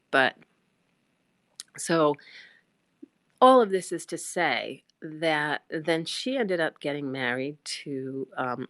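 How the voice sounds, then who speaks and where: A woman's voice: extremely low pitch, no echo. A middle-aged woman telling a rambling personal story on a phone livestream, full of fillers and acted-out quotes. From United States. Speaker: livestream host.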